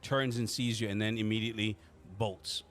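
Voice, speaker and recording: A man acting as game master in a casual tabletop session, teasing his players and rambling through restarts. His voice sits fairly low, with a bright, forceful edge. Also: fairly even intonation, moderate pace.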